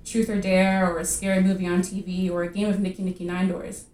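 A woman reading her own fiction aloud at a live literary reading, measured and vivid in her storytelling. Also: lowish voice, little pitch movement, a little mellow, far from the mic. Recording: echoey room at a live reading.

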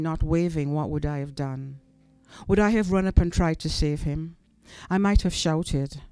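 A man at a club venue reading literary prose aloud, measured and deliberate, with pointed pauses. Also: fairly high pitch, warm tone, clear, resonant tone, no echo. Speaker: reader at a literary event.

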